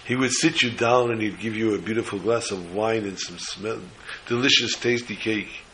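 Speaking at a moderate pace in a lowish voice, a man tells a religious tale as a sermon, bringing the characters to life with feeling. The audio is poor, with slight background noise.

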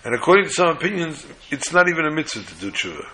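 A man teaching a sermon on the weekly Torah portion in a measured, halting way, often restarting phrases. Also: a little high, very animated, pushed and bright, low-quality recording.

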